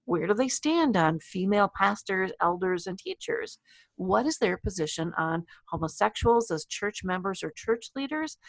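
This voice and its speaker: A woman co-hosting a conversational podcast, who talks casually, laughs easily and reads scripture aloud slowly. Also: medium pitch, dry recording. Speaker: podcast co-host. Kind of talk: casual discussion and scripture reading.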